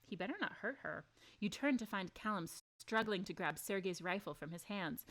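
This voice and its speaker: A woman streaming a story game, reading its lines aloud and chatting with her viewers, excitable and quick to gasp and swear. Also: mid-range voice. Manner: excitable, gasping, laughing and swearing between read lines.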